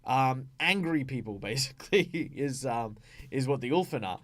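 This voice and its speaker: A man's voice: mid-range voice, expressive, normal speed, a bit bright. A man with an Australian accent, hosting a tabletop gaming channel, explaining in a chatty way with many fillers. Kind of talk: casual explanatory talk.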